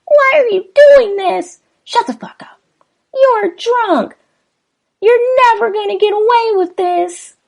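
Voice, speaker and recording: A woman doing a shrill, panicked young wife. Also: slow pace, vocal fry, darkish tone, exaggerated voice. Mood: frightened. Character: terrified young woman pleading with her violent husband.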